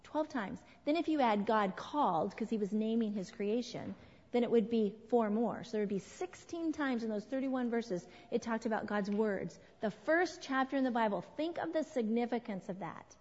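A woman in her forties giving an earnest, emphatic sermon to a women's group, slowing down to stress key words. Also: fairly high pitch, animated, darkish tone. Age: 40s. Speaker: women's ministry speaker. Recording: dull sound with long hall reverb.

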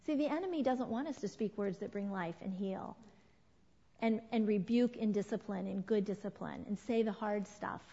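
A woman in her forties giving an earnest, emphatic sermon to a women's group, slowing down to stress key words. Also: medium pitch, warm tone, breathy edge. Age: 40s. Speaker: women's ministry speaker. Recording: dull sound with long hall reverb.

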